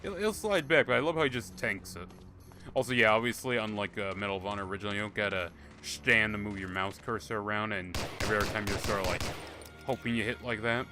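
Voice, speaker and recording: A man's voice: lowish voice, fairly even intonation, quick pace, pushed and bright, slight background noise. A man commentating casually on his own live gameplay stream, rambling and joking with plenty of swearing. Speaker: game streamer. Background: game music and gunfire.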